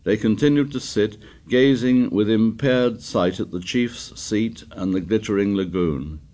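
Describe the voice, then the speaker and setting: A man narrating an audiobook in a measured, steady reading voice. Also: lowish voice. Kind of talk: scripted narration.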